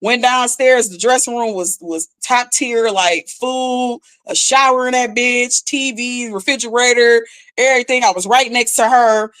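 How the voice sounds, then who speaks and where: Animated woman telling a story. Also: a little high, unhurried. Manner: animated, acts out quotes, frequent "like". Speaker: rapper guest. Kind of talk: casual storytelling.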